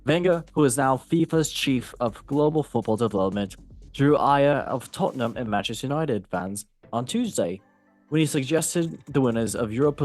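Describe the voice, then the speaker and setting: A man's voice: mid-range voice, a little mellow. Chatty, jokey male podcast host. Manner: chatty, jokey, trips over words. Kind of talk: casual podcast news chat.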